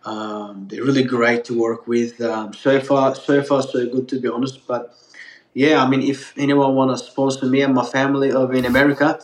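A Turkish pizza maker with a slightly Australian-tinged accent chats as a guest on a casual podcast interview, rambling with many fillers and restarts and laughing easily. His mid-range voice has a level tone at normal speed, recorded in an echoey room.

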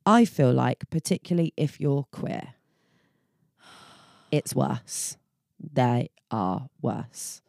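A woman's voice: rumbling low, animated, takes it slowly, creaky, pauses often, a little mellow, no room sound, studio quality. A woman co-hosting a podcast, talking bluntly and swearing freely in casual chat. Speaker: podcast co-host.

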